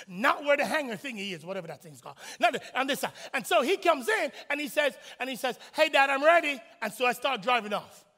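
A man preaching a sermon in church, emphatic, swinging from shouts to soft asides. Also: sits high, long reverb tail. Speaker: pastor.

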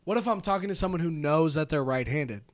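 A man's voice: on the high side, expressive, fast, dry recording. A man hosting a podcast in a studio, teasing his guests and reading out prompts playfully. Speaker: podcast host. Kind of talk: casual podcast chat. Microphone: studio microphone.

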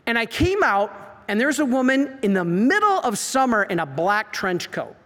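High-voiced priest preaching in a hall. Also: male voice, moderate pace. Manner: animated storyteller, acts out quotes. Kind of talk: preaching talk. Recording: reverberant hall.

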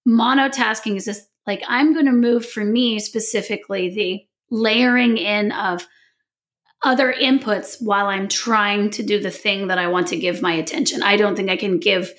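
A woman hosting a podcast in casual chat, animated and playful, laughing often. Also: mid-range voice, normal speed. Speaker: podcast host.

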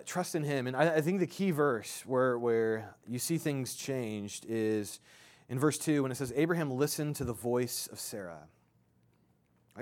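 A pastor in his thirties delivers a sermon in a loose, conversational way. He stumbles and restarts often, leaning on fillers as he works through his thoughts aloud. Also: a little high. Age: 30s.

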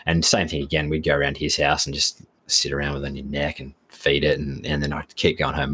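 This podcast co-host, an Australian man, has a very deep voice and speaks at normal speed, with slight background noise behind him. He's telling a long, rambling story in casual conversation, animatedly acting out the dialogue and quoting what people said.

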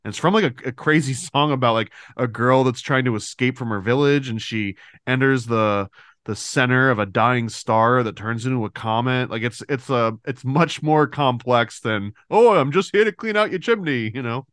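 A man co-hosting a podcast in casual chat, rambling and animated, acting out quotes as he talks. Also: mid-range voice, normal speed, smooth, no room sound, studio quality. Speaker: podcast co-host.

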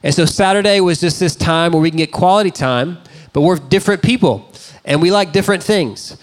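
A man in his thirties, a pastor, preaches a sermon built on personal stories, told in a conversational, self-deprecating way. His voice sits on the high side and moves a little fast.

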